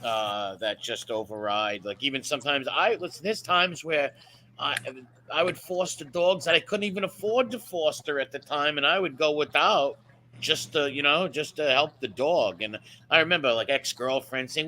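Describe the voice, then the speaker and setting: A man's voice: fairly high pitch, normal speed, sharp tone, slight background noise, rough recording. A man in a casual chat, talking about animals in an earnest, heartfelt way with many fillers. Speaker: guest.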